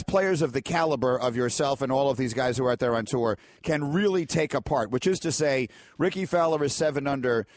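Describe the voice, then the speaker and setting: A man's voice: fairly high pitch, no room sound. A man co-hosting a sports talk radio show, speaking in a theatrical, mock-preachy, emphatic way. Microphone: studio microphone. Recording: dry studio sound.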